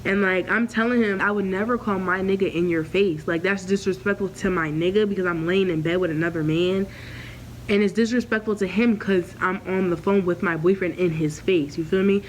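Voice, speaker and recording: A young woman vlogger recounting a personal story in a candid, animated storytime vlog, full of slang and profanity, who jumps into higher voices when she quotes people. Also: a little fast, a little hiss or hum, rough recording. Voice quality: acts out quoted voices in raised pitch.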